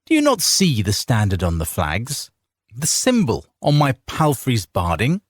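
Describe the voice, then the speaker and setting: A man's voice: mid-range voice, huge pitch swings, a little slow, dry recording, clean studio sound, pitched above the performer's own voice. A man doing a drawling, arrogant young count. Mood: condescending. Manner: drawling, languid, condescending. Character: lazy arrogant young nobleman, male count. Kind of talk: audiobook character voice.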